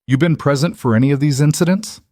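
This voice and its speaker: A man voicing a calm, careful young police officer in a narrated story, speaking in a measured, official way. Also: on the high side, no room sound, studio quality, voice pushed up, lightly acted.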